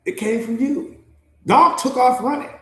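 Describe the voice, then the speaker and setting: A man coaching a live motivational class, telling stories in a lively, casual way. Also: extremely high pitch, moderate pace, roomy sound. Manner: animated storytelling, casual and laughing.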